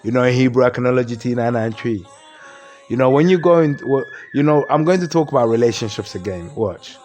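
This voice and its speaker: A man's voice: medium pitch, animated, brisk, darkish tone, faint music behind. A man with a Ghanaian accent giving a comic mock lecture, explaining word by word and asking rhetorical questions. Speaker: comedian.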